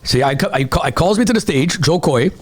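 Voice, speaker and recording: A man who is a comedian, telling stories as a guest in a casual podcast chat, animated and profane. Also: a little high, a little fast. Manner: animated storytelling, frequent swearing.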